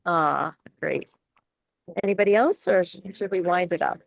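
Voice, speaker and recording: A woman speech coach hosting a live webinar Q&A, talking in halting phrases with many fillers and restarts over a video call. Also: fairly low pitch, gravelly, no echo.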